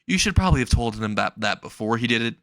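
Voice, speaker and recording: Creepy young woman, calm falsely sweet, man putting it on, dry close mic. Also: mid-range voice, racing, dry recording, natural voice. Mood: sweet menace.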